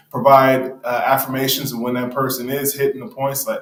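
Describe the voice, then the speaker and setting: A man's voice: mid-range voice, little pitch movement, normal speed, few pauses. Male therapist, thoughtful and hesitant, reverberant room. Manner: thoughtful, hesitant with many ums and restarts. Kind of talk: panel discussion, explaining.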